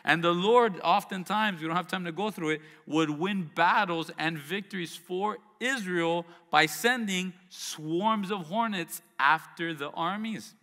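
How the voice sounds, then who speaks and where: A man with a fairly high, bright, forceful voice preaches a sermon, moving between scripture reading and chatty asides full of rhetorical questions. His voice carries a long reverb, as if heard through a church hall. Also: measured pace, hardly any pauses. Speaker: pastor.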